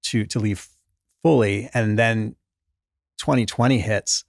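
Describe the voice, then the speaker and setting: A middle-aged man, a former doctor, telling stories in a casual interview, animated and self-deprecating, acting out his own thoughts. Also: on the low side, slow, vocal fry, no echo, studio quality. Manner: animated, self-deprecating, lots of restarts and quoted inner thoughts. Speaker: guest author, former doctor.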